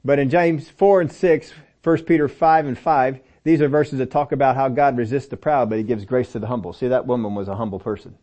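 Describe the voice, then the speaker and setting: A man's voice: mid-range voice, brisk, hardly any pauses, warm tone, muffled recording. A man teaching from the Bible in a sermon, speaking emphatically and repeating phrases for stress while talking straight to his listeners. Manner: talks directly to listeners, sometimes by name.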